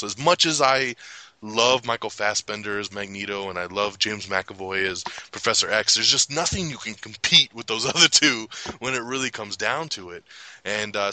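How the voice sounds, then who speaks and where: An excitable man chatting casually about movies, his voice bright and forceful. He laughs often and jumps up in pitch when he acts out quotes. The sound is dry and close. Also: dry recording, poor audio. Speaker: podcast host. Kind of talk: casual movie review chat.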